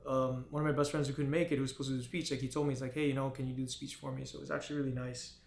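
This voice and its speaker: A man telling an emotional personal story to camera, halting and full of restarts. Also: medium pitch, little pitch movement, creaky. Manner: halting, with frequent restarts and fillers. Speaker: vlogger. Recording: echoey room.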